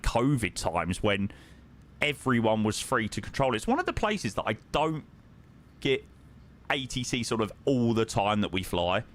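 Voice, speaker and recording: A young man chats casually and jokes with his viewers while flying. His pitch moves around a lot as he talks. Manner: chatty and joking, sings along to music. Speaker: flight sim streamer. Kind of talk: casual chat.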